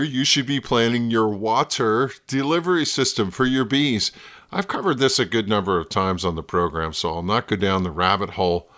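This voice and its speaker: A man with a New Jersey accent hosts a podcast from a script, his voice sitting a little low. He talks in a playful way and sometimes slips into a radio-announcer voice. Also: moderate pace, a bit bright. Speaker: podcast host.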